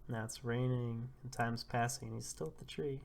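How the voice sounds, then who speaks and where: A man's voice: mid-range voice, moderate pace, gravelly, a little hiss or hum. A man casually narrating a comic chapter live, reacting and laughing as he goes. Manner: animated, laughs often, blurts out reactions. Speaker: comic readthrough host.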